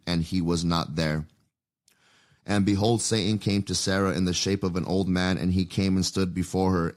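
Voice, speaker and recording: Deep-voiced man reading scripture aloud. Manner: thinks aloud in a loose, conversational way between readings. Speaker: podcast host.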